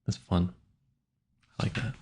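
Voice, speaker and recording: A man's voice: unhurried, darkish tone, slight background noise. A man rambling casually at a home mic, musing aloud and stumbling over hard words he sounds out. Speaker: audio creator.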